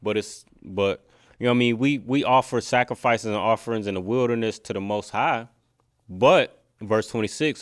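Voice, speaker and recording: A man's voice: medium pitch, normal speed. A man teaching a scripture class, preaching conversationally and emphatically, often saying "you know what I mean". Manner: challenging, emphatic. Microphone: computer mic, screen sharing.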